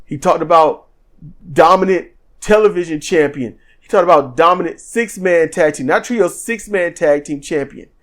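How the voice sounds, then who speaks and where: A man co-hosting a podcast, giving an animated, joking wrestling review in casual chat. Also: a little high, moderate pace. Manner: animated, acts out quotes in silly voices; joking, laughs often. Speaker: podcast co-host.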